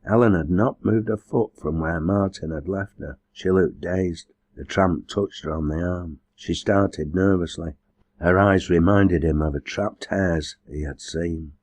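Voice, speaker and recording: An audiobook narrator with a deep, low voice reads a novel in scripted, measured and even storytelling. The recording is close and dry, without any room sound.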